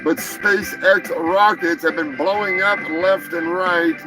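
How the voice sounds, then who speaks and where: A man's voice: high-pitched, steady tone, takes it slowly, over music, low-quality recording. A man hosting a crude comedic news show, brash, profane and mock-grandiose. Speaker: host.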